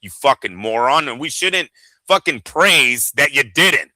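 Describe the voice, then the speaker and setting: Blunt, swearing man with a bright voice. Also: mid-range voice, lively intonation, measured pace, dry recording, low-quality recording. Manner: blunt, profane, emphatic. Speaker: boxing podcast co-host. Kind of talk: casual opinionated chat.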